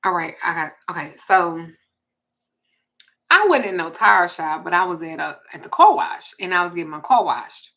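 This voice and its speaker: A Southern woman chats casually on her livestream and tells a story bluntly, with plenty of cursing. She talks in an animated way, and her voice jumps loud now and then. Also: fairly low pitch, moderate pace. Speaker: livestream host reading viewer comments.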